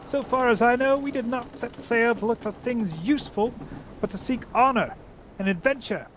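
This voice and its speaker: A man's voice: very high voice, normal speed, fairly bright tone, a little hiss or hum, pitched above the performer's own voice. A man reading aloud and voicing a valiant, proud male talking mouse knight with a grand, formal manner.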